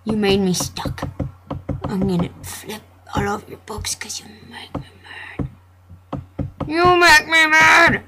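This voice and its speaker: A woman's voice: medium pitch, level tone, a little slow, in a whisper. A young woman playfully commentating a computer game, joking and reading the dialogue aloud. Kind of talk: gameplay commentary.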